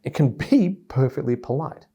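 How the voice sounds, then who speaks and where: A man's voice: medium pitch, moderate pace, slightly rough, muffled recording. A man telling a story to an audience about communication styles, acting out both sides of a quoted argument. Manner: animated, acts out both sides of quoted dialogue.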